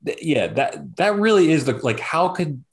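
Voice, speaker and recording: A man co-hosting a casual sports podcast, laid-back and quick to laugh as he reacts and chimes in. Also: a little high, animated, vocal fry, husky. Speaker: podcast co-host.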